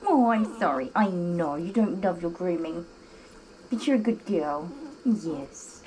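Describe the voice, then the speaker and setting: Her voice sits lowish with a darkish tone, lively but unhurried, as this Australian woman gushes over dogs in baby talk. She's a groomer doing a casual live stream from a small shed full of dogs, with clippers and barking filling the noisy room.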